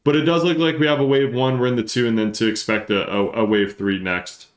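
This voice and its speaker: This livestream host and market analyst, from northern New Jersey, talks rapidly through his charts, getting excited as he reasons aloud. There's some room echo on his mid-range voice.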